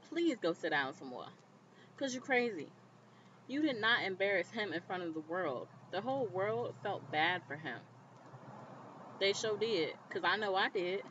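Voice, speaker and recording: A woman vlogger recapping a TV episode in casual commentary, animated and indignant, talking straight to the viewer. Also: mid-range voice, slight background noise. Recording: slightly dull lo-fi recording.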